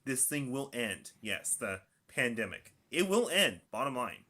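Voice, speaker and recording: A young man rambling through a monologue, filling the pauses with "mm-hmm" and "and also". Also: medium pitch, big pitch swings, bright, forceful tone. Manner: repetitive, punctuated by "mm-hmm" and "and also". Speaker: video diarist.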